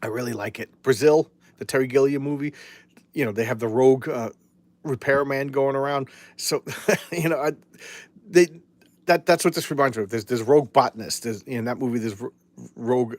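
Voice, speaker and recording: A man's voice: medium pitch, steady tone, a little fast, a little mellow, dry recording. A man in his fifties hosting a casual live show about old comics, talking in a chatty, rambling way with many restarts and wry jokes. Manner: wry, jokey asides. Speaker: comic book show host.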